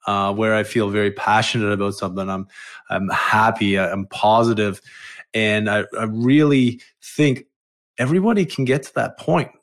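A middle-aged man, a podcast guest, talking in an earnest, reflective way and repeating phrases for emphasis. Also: medium pitch. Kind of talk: casual podcast chat.

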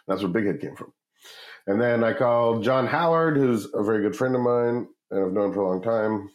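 A man's voice: fairly low pitch, poor audio. A man in his forties, a company founder, telling a long story in a casual interview, swearing often and acting out what others said. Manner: profane, rambling, animated quoting of others. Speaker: guest, startup founder.

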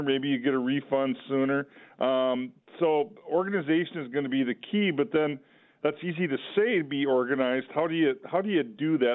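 A man's voice: a little high, narrow, tinny audio. A man, a financial advisor and regular on a radio show, talking in a rambling way with many "uh"s. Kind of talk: radio talk show chat.

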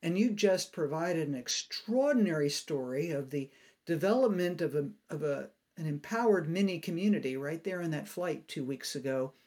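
A podcast host asking a guest long, measured questions. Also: medium pitch, expressive, a little mellow. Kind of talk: interview questions.

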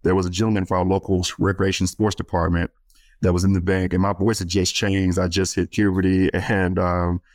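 A man with a very low, deep voice tells stories earnestly on a podcast, with some ums and restarts along the way. The recording is dry and close, with no room sound. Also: little pitch movement, fairly quick, darkish tone, no room sound. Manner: earnest storyteller, many fillers and restarts. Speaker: guest speaker and author working with student athletes. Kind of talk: conversational podcast interview.

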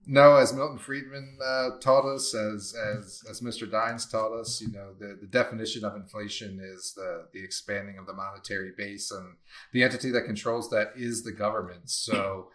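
A man's voice: fairly low pitch, fairly even intonation, normal speed, fairly bright tone. A man co-hosting a casual podcast discussion, blunt and opinionated, swearing casually and thinking aloud in long run-on sentences. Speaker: podcast co-host.

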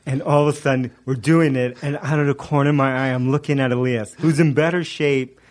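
A man's voice: medium pitch, fairly quick. Middle-aged guy telling a funny story, laughs a lot, lots of uhs and restarts. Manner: animated, laughs often, frequent fillers and restarts. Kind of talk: casual storytelling chat.

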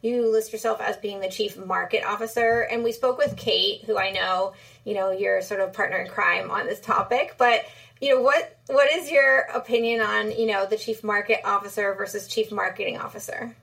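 Gravelly, bright-voiced woman interview host. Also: mid-range voice, steady tone, moderate pace. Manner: conversational, asks follow-up questions. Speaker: podcast host. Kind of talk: casual interview.

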